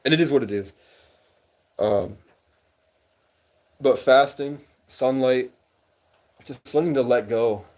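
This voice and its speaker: A man's voice: slow pace, long pauses, darkish tone. Rambling young man streaming from the woods. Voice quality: fairly high-pitched for a man. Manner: loose, meandering, swears casually. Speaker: livestreamer. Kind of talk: rambling live-stream chat. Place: outdoors in woods at night.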